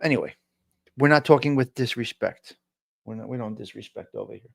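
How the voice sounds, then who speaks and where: A man's voice: medium pitch, a little fast, vocal fry, no room sound. A man with a New Jersey accent hosting a casual live-stream chat, brash and profane, joking and talking back to the chat.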